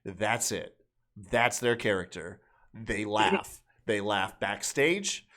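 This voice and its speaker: A man's voice: lowish voice, lively intonation, slow, fairly bright tone. A man co-hosting a wrestling podcast, talking casually with loose, profane, sarcastic remarks. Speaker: podcast co-host.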